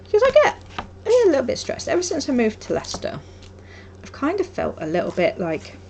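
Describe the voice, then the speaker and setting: Young woman, craft streamer, lively sing-song rambling chat, self-deprecating. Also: high voice, brisk, creaky, a little hiss or hum. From Wolverhampton, England. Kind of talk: casual chat while crafting.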